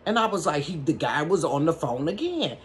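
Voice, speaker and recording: A woman telling a personal story in a casual storytime from her bedroom, animated and laughing, talking straight to her viewers. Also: sits low, brisk, slight background noise.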